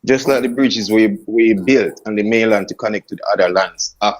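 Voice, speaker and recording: A man's voice: on the low side, brisk, low-quality recording. A man calling into a live stream who argues insistently and lectures the host, calling him "bro". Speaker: caller. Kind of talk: live-stream call-in argument.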